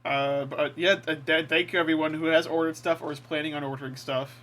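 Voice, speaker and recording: A man co-hosting a casual streamed podcast, joking around, quick to laugh and swearing often. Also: on the high side, steady tone, fairly bright tone. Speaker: podcast co-host. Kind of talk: casual chat.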